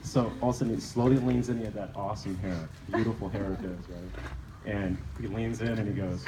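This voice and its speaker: A man's voice: lowish voice, fairly even intonation, quick pace, noisy background. A man in his forties telling a rambling, emotional story at a memorial, laughing between thoughts. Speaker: mourner sharing memories. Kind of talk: eulogy at a memorial.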